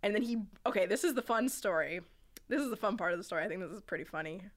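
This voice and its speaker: A woman's voice: medium pitch, lively intonation, very fast. Chatty young woman telling a story. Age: young adult. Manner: rambling storyteller, laughs often. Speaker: podcast host. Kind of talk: casual chat.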